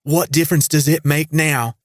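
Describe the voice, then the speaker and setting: A woman's voice: deep voice, steady tone, moderate pace, no room sound, studio quality, voice pushed up, lightly acted. A man voicing a young female robber with a thick Southern drawl, brash and defiant in an audiobook.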